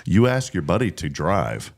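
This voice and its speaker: A man hosting a morning radio show, telling stories in quick, animated bursts and laughing often. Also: deep voice, gravelly. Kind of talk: casual radio chat.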